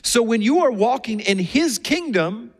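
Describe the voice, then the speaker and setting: A man with a high voice delivers a sermon, telling stories with energy and acting out the people he quotes. His voice rings through a large hall with a long reverb. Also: expressive, measured pace. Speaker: pastor.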